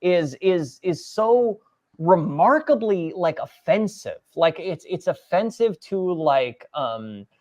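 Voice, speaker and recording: A woman cohosting a casual livestream, her pitch swinging up and down as she talks. She is emphatic and playful, heavy on stress and quick asides. The sound is close and dry, with no room around it. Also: expressive, a little mellow, no echo. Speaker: co-host.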